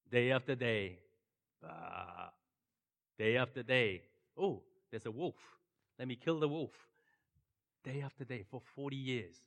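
A middle-aged man preaching a sermon and telling the story with animated swings from loud to hushed. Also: medium pitch, in a large hall. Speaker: pastor.

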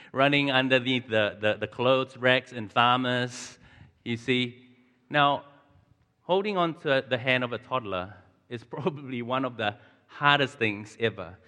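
Nz guy in his 30s preaching, chatty w little chuckles, bright edgy voice, big reverby hall. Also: medium pitch. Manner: chatty, audience questions, frequent chuckles. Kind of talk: conversational sermon. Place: large church hall.

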